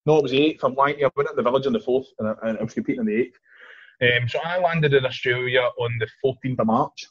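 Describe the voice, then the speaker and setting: A man with a Glaswegian Scottish accent, a guest telling stories in a quick, chatty way with frequent restarts. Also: medium pitch, fairly bright tone, husky, dry recording. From East End of Glasgow, Scotland. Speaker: guest, Olympic hammer thrower. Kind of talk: casual podcast chat. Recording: dull, lo-fi podcast recording.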